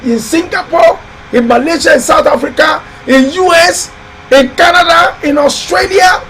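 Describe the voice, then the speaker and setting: A very high-pitched man talks loudly and emphatically, hosting a live building-advice stream. He repeats himself and exhorts his viewers like a preacher. A faint hiss runs under the recording. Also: low-quality recording. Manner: loud, emphatic, exhorting and repetitive. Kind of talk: live-stream motivational talk.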